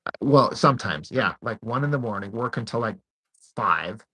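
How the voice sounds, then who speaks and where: A man's voice: on the low side, lively intonation, normal speed, sharp tone, a little hiss or hum, rough recording. A young man chatting casually over a video call, laid-back and rambling, laughing often. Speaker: co-host.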